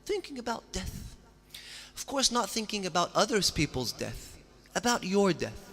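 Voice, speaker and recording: A man's voice: high-pitched, sing-song, normal speed, a bit bright, faint music behind. A man giving a religious sermon, telling stories with earnest, rising emphasis. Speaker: preacher. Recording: long hall reverb.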